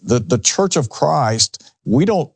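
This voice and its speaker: A man's voice: medium pitch, very animated, slow, gravelly, husky, no room sound. A man hosting a religious talk show, preaching emphatically with rhetorical questions.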